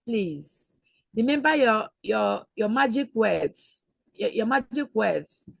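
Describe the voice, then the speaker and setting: A woman teaching an online language lesson, speaking slowly and patiently and repeating words for learners. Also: fairly high pitch, lively intonation, gravelly, breathy edge, no room sound. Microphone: video call.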